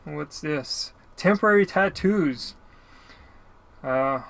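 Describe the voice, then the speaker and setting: Guy rambling slowly thru a mail unboxing, keeps saying sorry, kinda high voice, faint hiss behind. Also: fairly even intonation, fairly bright tone. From Canada. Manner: rambling, apologetic, lots of filler. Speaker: YouTuber opening mail. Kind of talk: casual unboxing vlog.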